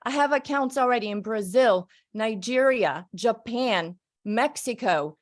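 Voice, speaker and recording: Woman fired up giving tips on a call, bit high, punchy and upbeat. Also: measured pace. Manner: energetic, upbeat, emphatic. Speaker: guest speaker. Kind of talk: motivational talk on a conference call.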